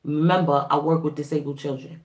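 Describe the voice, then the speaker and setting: Animated, lower-pitched woman telling a story. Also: a little fast. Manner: animated, profane, laughing, acts out quoted voices. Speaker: spiritual reader and vlogger. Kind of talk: casual storytelling to viewers. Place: at home.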